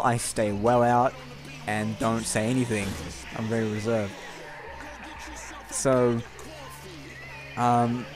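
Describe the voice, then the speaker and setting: A young man telling a long, rambling personal story over gameplay, candid and casual with frequent swearing. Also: medium pitch. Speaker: gameplay commentator.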